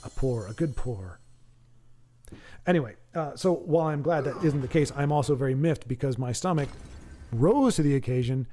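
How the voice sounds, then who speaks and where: A man's voice: medium pitch, expressive, moderate pace, warm tone, slight background noise. A man hosting a game live stream, chatting casually in a joking, rambling way.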